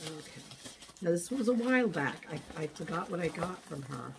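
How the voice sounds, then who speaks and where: A woman's voice: lowish voice, sing-song, moderate pace, gravelly, slight background noise, rough recording. A woman vlogger chatting casually while unboxing thrift packages, rambling and restarting her thoughts.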